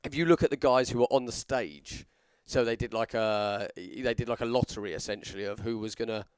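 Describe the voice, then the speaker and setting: A man's voice: medium pitch, fairly quick, clean tone, no room sound, studio quality. A man co-hosting a podcast, a wrestler, telling long rambling stories in casual chat and perking up when he quotes people. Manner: rambling storyteller, animated when quoting others.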